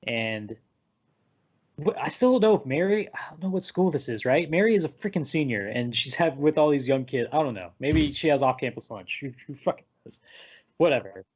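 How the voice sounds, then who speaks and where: A man recapping a film in casual chat, animated and laughing, sometimes acting out the characters. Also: medium pitch, a little fast, husky. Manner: animated, acts out characters in quotes, laughs often. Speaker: podcast co-host. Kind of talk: casual movie discussion. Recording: tinny phone-like line.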